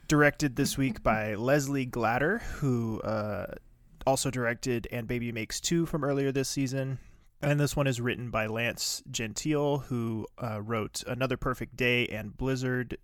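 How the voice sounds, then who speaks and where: A man's voice: mid-range voice, measured pace, no echo. A man co-hosting a casual podcast, reading off episode credits and adding wry asides. His voice is close and dry, with no room around it. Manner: relaxed, wry, reads episode credits and ratings. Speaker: podcast co-host. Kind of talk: casual chat recapping a TV episode.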